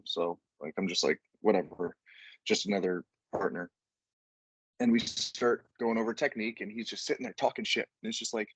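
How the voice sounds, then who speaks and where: A man's voice: fairly low pitch, moderate pace, slightly rough, dry recording. A man, a podcast guest, telling a rambling, profane story in casual chat and laughing as he goes.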